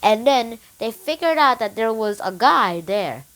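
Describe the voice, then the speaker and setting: A young book reviewer excitedly retelling a story in a casual, animated way. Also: mid-range voice, a little slow, a little hiss or hum, low-quality recording.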